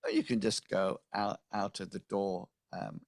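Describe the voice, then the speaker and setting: A man narrating as game master for a tabletop role-playing game, halting, with many ums and restarts. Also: low voice, gravelly, no echo, clean studio sound.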